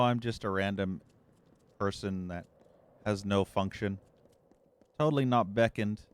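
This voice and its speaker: A man's voice: on the low side, clear, resonant tone. A man giving casual let's play commentary, crude, sarcastic and jokey. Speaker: gameplay commentator.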